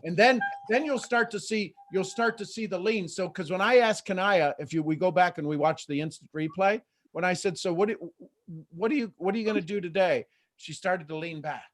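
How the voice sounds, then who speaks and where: A middle-aged man hosting a live motivational coaching call, lively and acting out quoted voices. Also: high-pitched, fairly quick. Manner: animated, acts out quoted voices. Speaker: host and coach.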